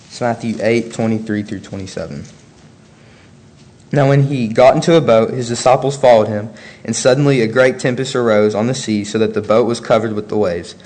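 A man preaching a sermon, reading scripture aloud in a measured, earnest way between his own remarks. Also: lowish voice, a little mellow.

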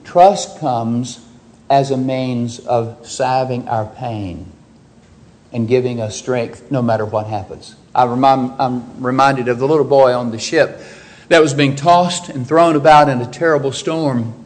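A man's voice: unhurried, low-quality recording. A man preaching a sermon, acting out the words of biblical figures as he teaches from scripture. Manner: expressive preaching, voicing biblical speakers with rises in pitch. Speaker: pastor.

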